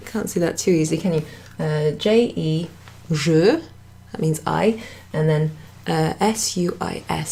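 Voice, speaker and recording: A woman's voice: lowish voice, creaky, a little mellow, a little hiss or hum. A woman teaching a beginner French lesson in a chatty way, correcting herself and laughing at her own slips. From United Kingdom. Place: indoor room at a pub.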